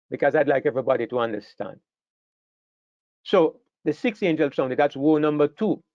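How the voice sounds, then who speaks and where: A man's voice: fairly high pitch, no room sound, lo-fi sound. Emphatic man teaching a Bible class. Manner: emphatic, repeats key words, checks listeners follow. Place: room with a class.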